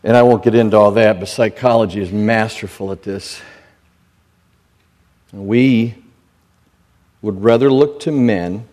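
Man, pastor, sermon delivery: unhurried and measured, lifts sharply for emphatic pleas. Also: darkish tone. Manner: slow, deliberate preaching that rises to high, emphatic pleas.

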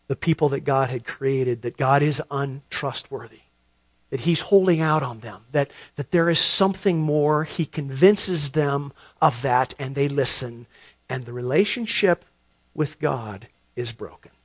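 A middle-aged man preaching a sermon, telling a story and repeating words as he builds to loud emphasis. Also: mid-range voice, measured pace, dry recording. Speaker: pastor.

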